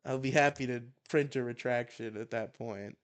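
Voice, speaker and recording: A man's voice: mid-range voice, normal speed. A young man hosting a casual podcast chat, joking, swearing and laughing often. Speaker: podcast host.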